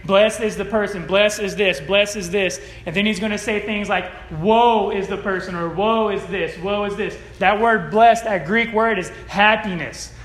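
A male pastor from California delivers a casual sermon with a high, light voice. He keeps it conversational and checks in with his listeners constantly. The room rings with echo around him. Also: a bit bright. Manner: conversational, tag questions "right?" often. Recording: echoey room.

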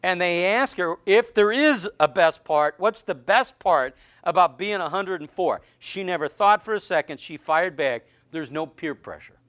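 A man's voice: high voice, animated, normal speed, hardly any pauses, fairly bright tone, no room sound. A middle-aged man preaching to his congregation in a conversational, joking way, with stammered restarts. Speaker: pastor. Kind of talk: sermon.

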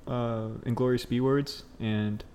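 A man's voice: mid-range voice, fairly even intonation, slow, warm tone, a little hiss or hum. A man in casual chat who stammers through restarts and chuckles often.

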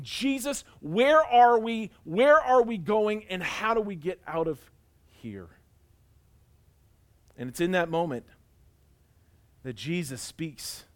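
High-voiced earnest male preacher. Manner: earnest, swings between loud emphasis and quiet intensity. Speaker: pastor. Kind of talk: sermon with personal storytelling.

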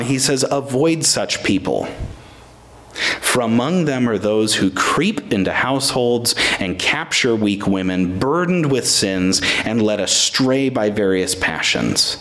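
A pastor with a fairly low-pitched, slightly bright voice gives an emphatic sermon to his congregation. He asks rhetorical questions, addresses people by name, and restarts words as he searches for what to say.

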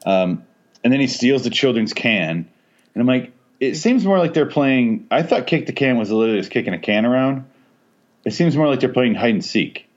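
This man, medium-pitched and speaking at normal speed, co-hosts a podcast and casually discusses a film. He laughs a lot, swears freely, and tells animated stories, all in dull lo-fi sound.

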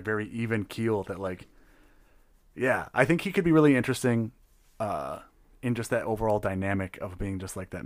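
Animated laughing man running a game. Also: fairly low pitch, no room sound, studio quality. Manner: animated, laughs often, swears casually. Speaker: game master. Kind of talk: casual tabletop game chat.

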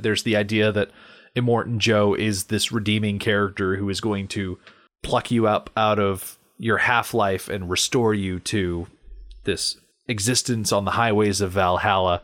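A casual movie podcast co-host talks at length about background details and acts out scenes. His voice sits on the low side, fairly bright, with fairly even intonation and a moderate pace.

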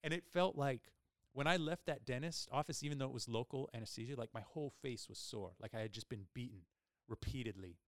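A man's voice: mid-range voice, fast, dry recording, studio quality. Man telling a story with lots of fillers. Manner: animated, rambling with many fillers. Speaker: podcast host. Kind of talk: casual storytelling chat.

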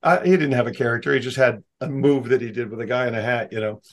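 A man, a magician, telling lively anecdotes as an interview guest. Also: medium pitch. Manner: lively, doing quick voices for others. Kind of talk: anecdotal storytelling.

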